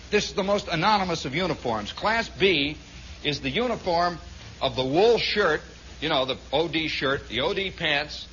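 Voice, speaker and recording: A man's voice: fairly high pitch, pushed and bright, slight background noise. A man from Indiana telling a long, rambling story on his radio show, full of asides. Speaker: radio host. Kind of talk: storytelling monologue. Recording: dull lo-fi 1960s radio broadcast.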